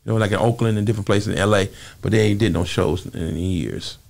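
Gravelly, fast-talking man. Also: on the low side. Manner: animated storyteller, acts out quoted voices. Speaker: interview guest, former singer. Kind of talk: casual storytelling interview.

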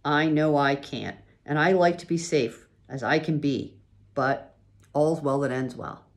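A woman's voice: low voice, measured pace. A woman voicing a determined, plain-spoken pioneer father in a storybook reading. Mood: calm. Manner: firm and plain-spoken, folksy.

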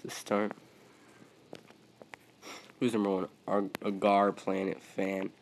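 Excitable man narrating his gameplay. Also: on the low side, slow pace, gravelly, slight background noise, poor audio. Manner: excitable, talks to other players, yelps and mutters. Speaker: gaming video creator. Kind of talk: gameplay commentary.

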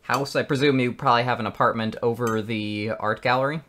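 A man narrating as game master of a tabletop game, unhurried and often laughing. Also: medium pitch, fairly even intonation, a bit bright.

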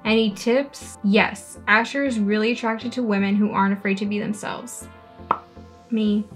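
Her voice medium-pitched and steady, a young gaming YouTuber reads a story game aloud and jokes sarcastically as she plays. She's playful, voicing characters quickly, while faint music sounds behind her.

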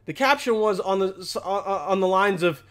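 A man's voice: sits high, normal speed, fairly bright tone. A man giving a sarcastic, profane reaction commentary, often tacking "okay?" onto his sentences. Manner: repeats "okay?" and "all right?" often. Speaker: commentary vlogger.

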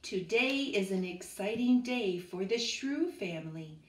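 A woman reading to children at a library storytime, talking in an excited, sing-song way to the kids and a puppet. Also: mid-range voice, a little slow. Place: public library. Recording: echoey room.

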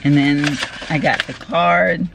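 A woman chats to her viewers from the seat of her car and gushes over each gift she unboxes. She talks in exclamations and repeated thanks. Steady road and engine noise runs under her voice. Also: low voice, takes it slowly, gravelly. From Texas. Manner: effusive, exclamatory, gushing thanks. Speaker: vlogger. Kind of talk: casual unboxing chat. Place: parked car.

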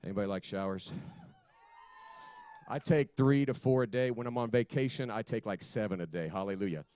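A man preaching at a youth church service, fervent and emphatic, swinging from loud exclamations to quiet, hushed asides. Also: fairly low pitch, brisk, smooth. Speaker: youth pastor. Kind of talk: sermon.

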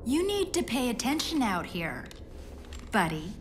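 A pushy TV news reporter. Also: female voice, a little high, sing-song, a little slow, a little hiss or hum. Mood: pushy, skeptical. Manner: pushy, skeptical. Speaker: game character in a cutscene. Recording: game cutscene with music behind.

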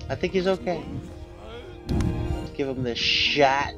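A man's voice: medium pitch, takes it slowly. A man doing let's play commentary, reading game text aloud and musing with fillers. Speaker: gamer. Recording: dull lo-fi audio with game music.

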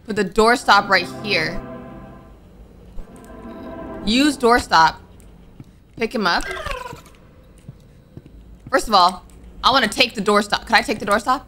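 A young woman streaming a game talks to herself about her play in a mid-range voice that sounds pushed and bright. She speaks slowly with long pauses, jumps with nervous exclamations, and game music plays behind her.

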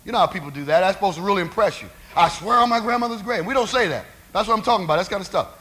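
Male preacher with a high voice, conversational sermon delivery, peppers the congregation with rhetorical questions. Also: expressive, rapid-fire, a bit bright.

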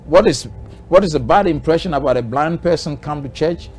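A man's voice: a little high, a little fast, a little mellow. A man from Ghana, a bishop answering interview questions in a preaching manner, driving his points home with repeated rhetorical questions.

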